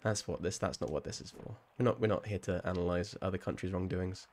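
A man's voice: deep voice, steady tone, quick pace, darkish tone, slight background noise. A man with a southern English accent, chatting casually with viewers while playing a game on a live stream, rambling and laughing often. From southern England.

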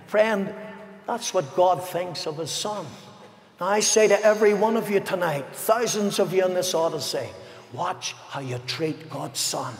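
A man preaching a fervent evangelistic sermon as pastor, swinging between ringing declamation and hushed, solemn passages in a large arena. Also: high-pitched, measured pace. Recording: echoey arena with long reverb.

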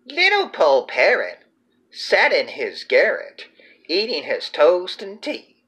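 A man plays an excitable stuffed-animal puppet co-host in a comedy sketch, his voice high and bright. The pitch swoops all over, and he mocks the others in a bouncy way. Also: slow, full character voice. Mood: excited. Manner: bouncy, mocking, confused.

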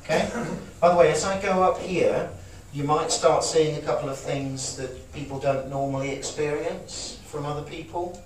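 A man's voice: on the high side, moderate pace, hardly any pauses. A man giving an informal, joking talk to a live audience, acting out emotions as he goes. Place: small event room. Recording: echoey room, voice from far off, audible noise.

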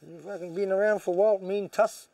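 A man, a boxing trainer and hunter, telling animated hunting stories in casual chat. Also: high-pitched, fast talker, creaky, dry recording, far from the mic. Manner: animated, tells stories, swears. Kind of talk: casual storytelling.

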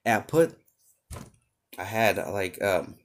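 A man's voice: lowish voice, expressive, takes it slowly. A young man venting about his job in a loose, rambling storytime style. His voice rises and falls a great deal as he grows exasperated, and he trips over filler words as he goes. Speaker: vlogger. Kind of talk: casual storytime rant.

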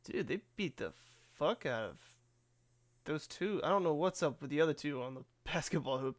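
Let's play host, man, rambling and profane, easy laughter. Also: mid-range voice. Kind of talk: casual gameplay commentary.

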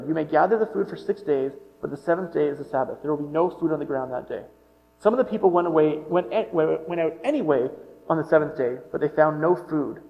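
A man giving a sermon, reading scripture aloud and then commenting on it in a casual, joking aside tone. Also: a little high. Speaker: pastor. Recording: muffled sound with long hall reverb and mains hum.

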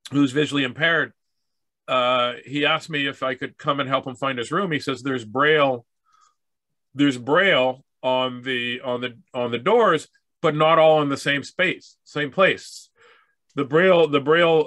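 A man's voice: mid-range voice, sharp tone, no room sound. A Canadian man telling a rambling, humorous story about accessibility, acting out the dialogue as he goes. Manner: rambling, with restarts and acted-out dialogue. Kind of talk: casual storytelling talk.

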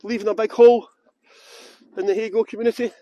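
A man's voice: high-pitched, fairly even intonation, fast talker, dark tone, dry recording, highs cut off. A Scottish man giving a live-streamed tour outdoors on a windy hilltop, chatting with viewers and laughing often. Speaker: tour guide. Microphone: good external microphone.

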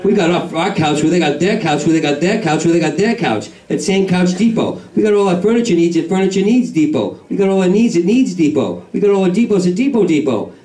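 A man doing a stand-up comedy set in a club, talking in a manic, rambling, profane way that breaks into shouted voices. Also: high-pitched, expressive, fast talker, hardly any pauses. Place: comedy club main room. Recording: echoey club recording from far off with crowd. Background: audience laughter.

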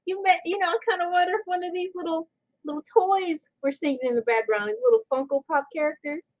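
A woman's voice: extremely high pitch, fast, darkish tone, lo-fi sound. A woman talking in a casual comedic vlog, playful and giggly. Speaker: vlogger.

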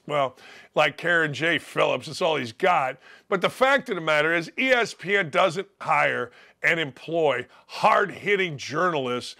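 An older man hosts a sports talk show. His voice is gravelly from days of yelling, yet fairly high and bright. He rants bluntly and sarcastically, with a combative edge. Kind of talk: opinionated sports radio rant.

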